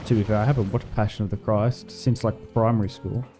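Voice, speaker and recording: A man's voice: fairly low pitch, fairly even intonation, a little fast, warm tone, faint music behind. A young Australian man chatting casually and rambling while streaming a game. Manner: rambling, laid-back, slangy. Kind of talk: casual livestream chat over gameplay.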